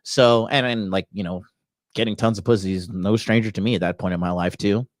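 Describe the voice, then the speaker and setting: Brisk and steady in tone, a man with a lowish voice delivers a crude, curse-filled story with brash swagger. He's a Tokyo-based dating coach hosting a dating talk show podcast, heard in studio quality without any echo.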